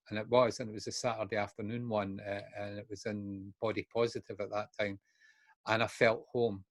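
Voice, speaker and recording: A man's voice: on the low side, flat delivery, fairly quick, no room sound. Candid Scottish man in his sixties. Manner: frank, acts out remembered dialogue. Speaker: guest speaker in recovery. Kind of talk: candid personal storytelling.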